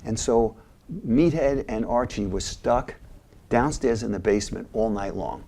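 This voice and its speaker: As a guest in an interview, a former mental health agency head, now an older man, recounts stories with animation and voices for the characters. His voice is lowish and his pacing measured.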